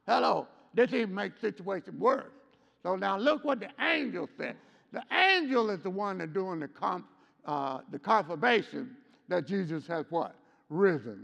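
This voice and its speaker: A man teaching a Sunday school lesson, preaching with call-and-response and swinging between loud emphatic lines and quiet low ones. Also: very animated, moderate pace, vocal fry, long reverb tail. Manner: call-and-response, repeats "hello" and "what?". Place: church.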